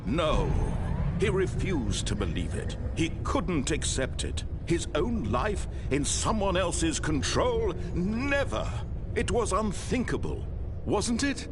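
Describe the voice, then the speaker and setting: A wry, lively-voiced game narrator. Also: male voice, high-pitched, heavily acted. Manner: measured storytelling with dramatic swells. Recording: game audio with steady background noise.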